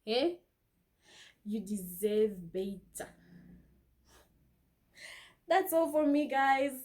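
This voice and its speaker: Slow, mellow-voiced woman vlogger. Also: a little high. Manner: emphatic and earnest, stretching words for stress; preachy, quotes scripture. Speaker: vlogger giving dating advice. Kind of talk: casual advice monologue to camera.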